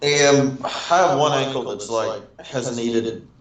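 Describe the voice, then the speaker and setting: A man's voice: mid-range voice, slow pace. A man chatting casually and plainly on a live stream. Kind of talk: casual chat. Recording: roomy, distant call audio.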